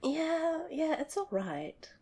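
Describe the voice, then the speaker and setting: A woman playing the listener's girlfriend in an audio role-play, talking in an expressive, conversational way that swings between loud and hushed. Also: high voice, slow pace. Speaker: girlfriend character addressing the listener.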